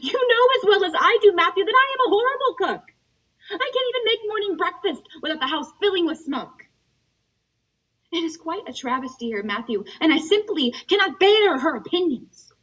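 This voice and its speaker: A woman's voice: high-pitched, big pitch swings, moderate pace, a bit bright, distant mic, dull audio. A young woman playing an indignant girl writing letters. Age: young adult. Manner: indignant, emotional. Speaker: student actor. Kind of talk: dramatic monologue reading a letter. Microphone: video call.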